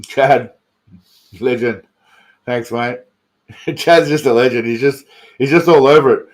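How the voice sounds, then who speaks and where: A man's voice: medium pitch, measured pace. Tipsy male stream host, rambling and profane, repeats his words. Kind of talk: casual live stream chat.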